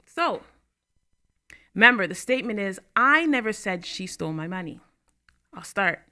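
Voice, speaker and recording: A woman's voice: fairly low pitch, animated, a little slow, sharp tone. A young adult woman hosting a talk show, chatting casually to camera with laughing asides and stressed words.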